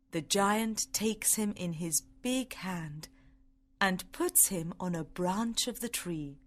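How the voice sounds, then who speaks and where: A woman reading a simple story aloud with careful, clear delivery for English learners. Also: on the low side.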